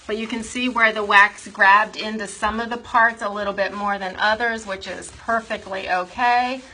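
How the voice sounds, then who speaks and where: A woman's voice: medium pitch, steady tone, normal speed, pushed and bright, low-quality recording. A woman chatting casually as she shows furniture refinishing step by step, explaining while she works in a workshop. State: out of breath from buffing. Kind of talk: casual how-to demonstration.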